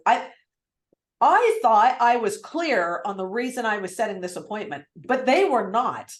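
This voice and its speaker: A lively woman coach running a call-script lesson on a video call, her voice a little higher than most. She talks with real energy and acts out what clients might say. The sound is roomy, with a clear echo. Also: normal speed.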